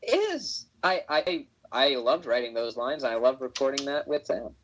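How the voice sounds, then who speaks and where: A man's voice: medium pitch, moderate pace, fairly bright tone, slight background noise, low-quality recording. A man hosting a casual chat, laughing often and restarting his sentences. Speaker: host.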